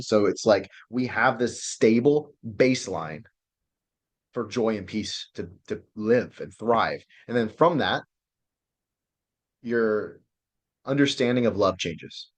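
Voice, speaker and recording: Man with a lowish voice, relationship coach, loose, profane and excitable delivery, video-call sound. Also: a little slow. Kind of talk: casual online class presentation.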